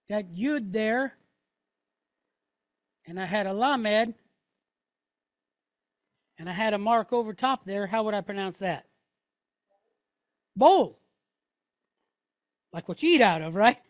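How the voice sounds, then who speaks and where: A woman's voice: mid-range voice, no echo. A woman teaching a class, explaining step by step with patience and often checking in with "right?" and "okay?". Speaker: Hebrew teacher.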